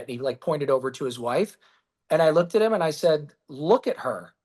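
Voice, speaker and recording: A man being interviewed as a guest, telling stories in a lively, casual way, acting out quotes and swearing freely. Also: on the high side, a little fast. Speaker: guest, business founder. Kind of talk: storytelling in a podcast interview.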